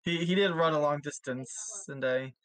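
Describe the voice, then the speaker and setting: A player speaking in character in a tabletop game, halting and full of fillers. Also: mid-range voice, no room sound.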